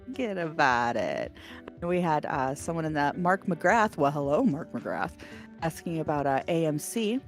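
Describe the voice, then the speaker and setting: A woman with a New York accent co-hosting a livestream, reading viewer messages in a bubbly, animated way and laughing often. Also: deep voice, normal speed, faint music behind. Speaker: livestream co-host reading chat. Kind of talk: casual livestream chat.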